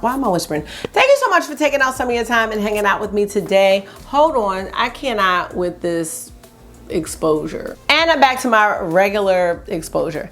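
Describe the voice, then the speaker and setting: A woman's voice: medium pitch, expressive, moderate pace, slight background noise. Chatty woman beauty vlogger. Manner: chatty and enthusiastic. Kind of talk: casual makeup review chat.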